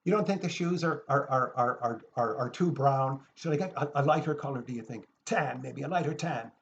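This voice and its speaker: A man's voice: mid-range voice, a little fast, gravelly, a little hiss or hum, natural voice. Fussy, hesitant male friend fishing for reassurance about his outfit, as a storyteller puts him on; muffled lo-fi recording. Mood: fretful. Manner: fretful, hesitant, seeks reassurance. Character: fussy, clothes-obsessed adult male friend.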